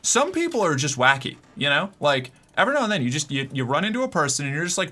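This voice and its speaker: Bright-voiced joking male streamer. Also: fairly high pitch, very animated, quick pace, few pauses. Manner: loose and joking, swears, laughs often. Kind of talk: casual live-stream commentary.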